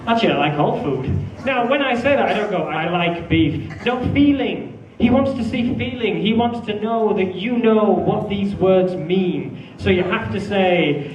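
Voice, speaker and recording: A man with a high voice lectures a class in a lively, animated way, often acting out answers with big feeling. He sounds distant from the mic in an echoey room. Faint noise hums underneath. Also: measured pace, lo-fi sound. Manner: animated, acts out student answers with exaggerated feeling. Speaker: English teacher.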